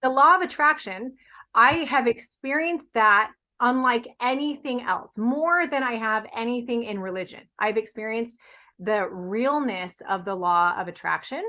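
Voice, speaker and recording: A woman's voice: on the high side, expressive, a little slow, sharp tone. A woman who is a podcast guest, earnestly explaining her views with everyday examples in casual conversation.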